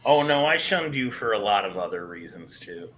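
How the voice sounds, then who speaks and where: A man's voice: lowish voice, very animated, moderate pace, noisy background. A man chatting casually and joking around with friends on a video call. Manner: joking, trying silly accents. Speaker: panelist. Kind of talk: casual chat.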